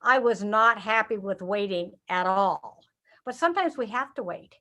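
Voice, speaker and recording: An older woman telling a Bible story to children in a lively way, often asking them questions. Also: mid-range voice, moderate pace. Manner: animated, asks children questions.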